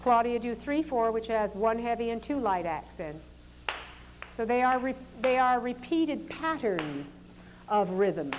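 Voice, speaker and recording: A woman with a slightly high voice runs a dance demonstration, calmly instructing performers and explaining each exercise. Her tone stays measured and polite. A faint hiss sits under her voice. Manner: calm, instructive, polite commands. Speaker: dance teacher leading a demonstration. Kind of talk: lecture demonstration, giving directions to dancers.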